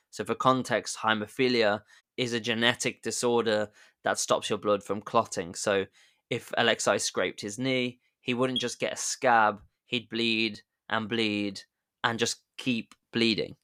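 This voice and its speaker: A man's voice: mid-range voice, a bit bright, clear, resonant tone. A man hosting a podcast, chatty and jokey, telling history as a casual story and laughing at his own jokes. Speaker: podcast host.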